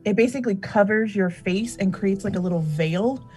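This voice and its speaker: A woman playing a tabletop game, brisk and a little bossy. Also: medium pitch, darkish tone, faint music behind. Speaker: player.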